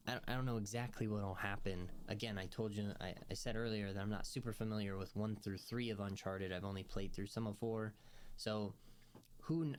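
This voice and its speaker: Man, low-ish voice, casual movie review vlog, rambling, lots of fillers. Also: a little hiss or hum. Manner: rambling, loose, with many fillers and restarts. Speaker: film reviewer.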